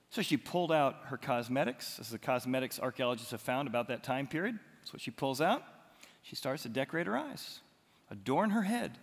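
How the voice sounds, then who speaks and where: A male pastor preaching a sermon, retelling the story with animated, dramatic storytelling. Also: medium pitch, vocal fry, in a large hall. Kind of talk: expository sermon.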